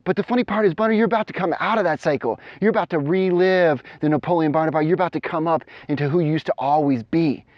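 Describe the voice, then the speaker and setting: A man voicing a calm woman fortune teller in a soft, knowing way, in a dry, dull recording. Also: a little high, fast talker, hardly any pauses, no room sound, pitched above the performer's own voice, close to an everyday voice. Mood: assured.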